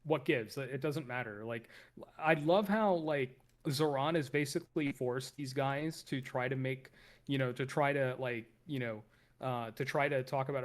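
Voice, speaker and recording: A man's voice: medium pitch, normal speed. A man hosting a live stream, chatting loosely and wryly while reacting to a debate. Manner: loose, rambling, wry. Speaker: streamer host. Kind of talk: casual live-stream commentary.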